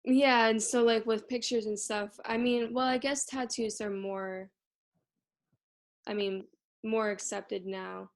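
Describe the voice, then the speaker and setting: A woman hosting a podcast, asking her guest questions in a quick, chatty way with fillers. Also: fairly high pitch, fairly even intonation. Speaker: podcast host. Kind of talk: casual conversational interview.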